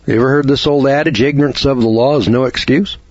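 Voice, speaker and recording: A man's voice: medium pitch, steady tone, fast, darkish tone, no echo, highs cut off. A middle-aged man, hosting a radio lecture, who talks in a folksy way and asks lots of rhetorical questions.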